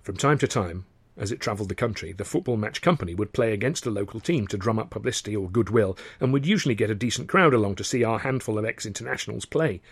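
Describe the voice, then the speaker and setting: A man narrating his own novel in a wry, measured way. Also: on the low side, animated, breathy edge, dry recording. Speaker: author and narrator. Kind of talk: scripted audiobook narration.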